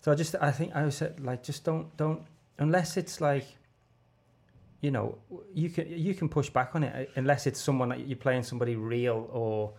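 An easygoing male host chats with his guest in a mid-pitched, gravelly voice. He stumbles through repeated words and fillers as he talks. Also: steady tone, moderate pace, a little mellow. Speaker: podcast host, director. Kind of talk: casual conversation.

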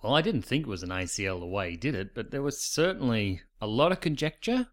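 A man's voice: medium pitch, sing-song, fast. An Australian man co-hosting a podcast in casual chat, with a wry, dry sense of humour. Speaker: podcast co-host.

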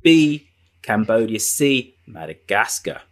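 A man's voice: fairly low pitch, very animated, slow. A man hosting a live quiz on a video call, reading out answer options and joking with guests. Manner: jokey, reads options aloud with repetition. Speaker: quiz host.

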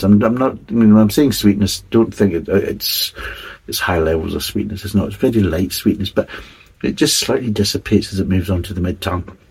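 A man's voice: lowish voice, darkish tone, husky, low-quality recording. A man giving a casual, rambling beer tasting review, hedging and restarting his sentences as he describes the flavours.

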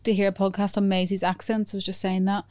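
A woman's voice: medium pitch, level tone, quick pace, darkish tone. A woman co-hosting a podcast, teasing her colleagues in chatty banter. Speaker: podcast co-host.

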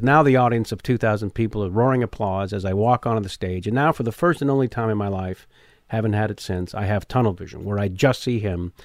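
A man telling a story as a podcast guest, lively and acting out the people in it. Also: lowish voice, dry recording. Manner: lively storyteller who acts out voices. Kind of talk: animated storytelling in casual chat. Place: garage home studio.

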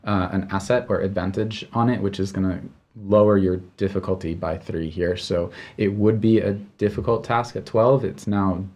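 A man narrating a tabletop game as game master, relaxed and halting, with many fillers. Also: deep voice.

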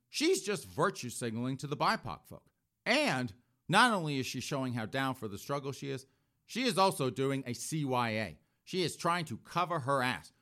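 Snarky commentator, fifties, animated up-and-down delivery, man. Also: medium pitch. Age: 50s. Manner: sarcastic, keeps addressing "folks". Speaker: political commentator. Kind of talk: opinionated news commentary.

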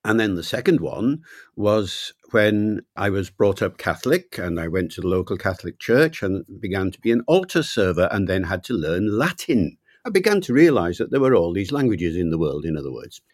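An older man from Wales, a linguist guest in an interview, telling anecdotes in a reflective, measured way. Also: low-pitched, sing-song, no echo, clean studio sound. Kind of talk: relaxed interview storytelling.

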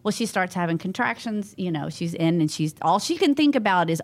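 A woman, a guest in an interview, telling a story in a lively conversational way and acting out what people said. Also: fairly low pitch, a little fast. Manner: animated, acts out what people said.

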